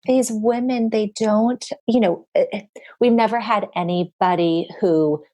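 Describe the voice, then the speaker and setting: A woman's voice: medium pitch, unhurried, warm tone, dry recording. A woman guest on a podcast, talking earnestly in casual conversation with many restarts. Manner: quotes others in acted voices. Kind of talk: casual interview talk.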